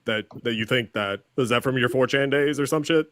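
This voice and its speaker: A man's voice: mid-range voice, a little fast, a bit bright, no echo, clean studio sound. A man on an online debate panel, blunt and scornful, swearing as he cuts into the argument.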